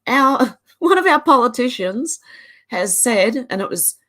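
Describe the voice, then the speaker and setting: A woman's voice: a little high, expressive, measured pace, a bit bright. Chatty Australian woman on a livestream. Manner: chatty, laughs often, Aussie slang. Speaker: livestream host. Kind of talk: casual livestream chat reading viewer comments.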